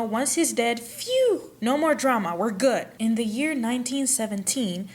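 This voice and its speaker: A young woman hosting a casual history vlog, retelling events with dramatic flair and playful asides. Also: a little high. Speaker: history vlogger.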